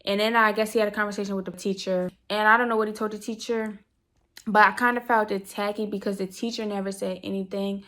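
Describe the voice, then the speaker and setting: A woman's voice: mid-range voice, flat delivery, fast, a bit bright. A young woman in a casual storytime vlog, talking straight to her viewers in an emphatic, slangy way. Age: young adult. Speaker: vlogger.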